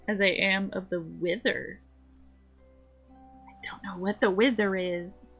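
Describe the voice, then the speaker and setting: Unhurried, playful woman streamer. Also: mid-range voice, steady tone, fairly bright tone, slightly rough, lo-fi sound, faint music behind. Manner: playful, rambling, chatty. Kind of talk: casual gameplay chat.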